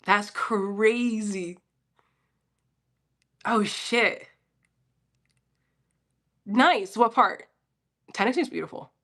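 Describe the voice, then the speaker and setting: A woman's voice: medium pitch, very slow, pauses often, sharp tone. A woman from Philadelphia giving a casual, profane pep talk on a livestream and answering her chat. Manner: blunt, profane, talks straight to chat.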